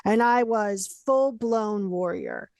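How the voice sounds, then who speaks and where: A woman's voice: mid-range voice, takes it slowly, creaky, a little mellow, no echo, clean studio sound. A woman guest in a casual interview, talking frankly and bluntly, often tagging on "right?".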